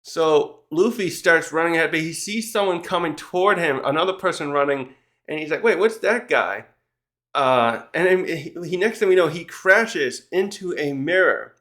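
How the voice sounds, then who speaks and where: A man's voice: on the high side, normal speed, a bit bright. A man casually recapping a manga chapter in a rambling, chatty way, with frequent restarts and small laughs.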